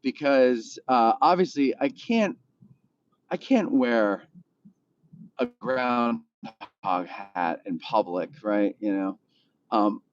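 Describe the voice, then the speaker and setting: A man's voice: medium pitch, lively intonation, takes it slowly, long pauses, no room sound, lo-fi sound. A man hosting a live stream from a car, with an easygoing, rambling manner, talking straight to viewers and answering their comments in his morning voice. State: still has his morning voice.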